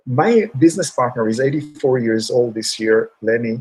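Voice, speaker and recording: A man speaking as a guest, telling motivational stories in an animated way and acting out shouts. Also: mid-range voice, normal speed, breathy edge, low-quality recording. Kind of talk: motivational storytelling.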